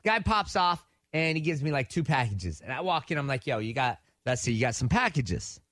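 Speaking with a medium pitch at a fairly quick pace, this man co-hosts a morning radio show. He is an animated storyteller who performs each quote as the story unfolds.

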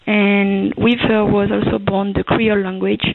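A woman's voice: medium pitch, level tone, unhurried, vocal fry, slight background noise. A woman with a French accent, a tourism officer from Reunion Island, explaining eagerly as a guest in a phone interview. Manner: enthusiastic, explanatory, gently accented. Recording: tinny phone line.

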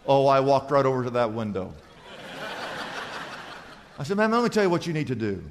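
A man preaching a sermon as a pastor, telling stories in an animated way and swinging from loud to quiet. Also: medium pitch, a little fast, long pauses, long reverb tail, noisy background.

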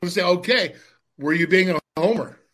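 A man hosting a sports podcast in a slightly high voice. He keeps the talk moving and passes questions to his co-hosts. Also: moderate pace, fairly bright tone. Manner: moves the talk along, hands the floor to the others. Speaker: podcast host.

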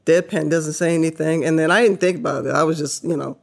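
An older woman and former basketball player telling stories as a podcast guest, animated and laughing, acting out what people said. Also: sits low, quick pace, creaky. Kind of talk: casual storytelling interview.

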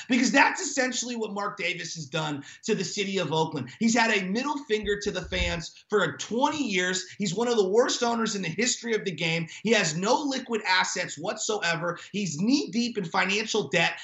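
A man with a high, gravelly voice rants on a sports talk show, emphatic and indignant, piling point on point. His tone is bright and edgy, and the sound bounces around an echoey room.

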